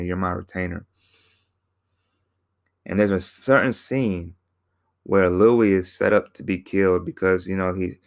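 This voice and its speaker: Man, deep voice, gravelly, casual, rambling, repeats himself. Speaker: film reviewer. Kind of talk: casual film recap monologue.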